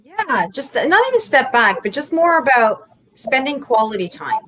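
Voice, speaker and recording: A woman in a casual group chat, speaking haltingly with many fillers. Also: sits high, sing-song, a bit bright, low-quality recording.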